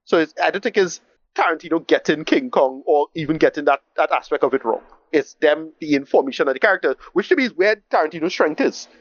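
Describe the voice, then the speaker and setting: A man co-hosting a casual film podcast, talking fast and animated, restarting sentences and tagging "right?" onto his points. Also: a little high, no room sound, lo-fi sound. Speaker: podcast co-host.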